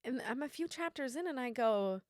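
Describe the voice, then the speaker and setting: A young woman co-hosting a casual podcast, telling stories in an animated, laughing way with plenty of swearing. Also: a little high, a little fast, no room sound, studio quality. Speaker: podcast co-host. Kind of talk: casual chat.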